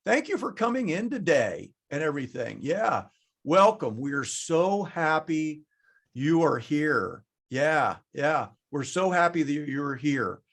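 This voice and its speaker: A man leads a conference session over a video call, talking in a bright, slightly raised voice. He jokes constantly and talks with his audience, lively and chatty throughout. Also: a little high, slow pace. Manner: jokey, animated, chatty with the audience. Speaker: conference presenter. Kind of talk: lively webinar presentation.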